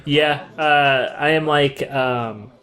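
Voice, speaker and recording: A man's voice: on the high side, very slow, a bit bright. A man co-commentating a card game from outdoors, joking with dry asides.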